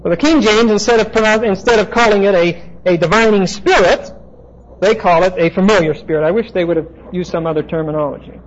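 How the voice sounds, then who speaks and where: Man, high voice, Bible lecture, halting with fillers, classroom, dull lo-fi recording. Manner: explanatory, halting with frequent "uh" fillers. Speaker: Bible teacher.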